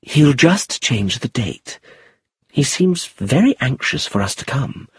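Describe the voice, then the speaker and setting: A cool, composed wife speaks in a husky, breathy voice with unhurried, measured phrasing, as a male reader puts her on. The sound is dry and close, with no room around it. The lines move between lively rises and soft drops. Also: medium pitch, no room sound, pitched above the performer's own voice, exaggerated voice. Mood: calm. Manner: calm and measured, sometimes bitter. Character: composed, cool-headed upper-class wife. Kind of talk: audiobook character reading.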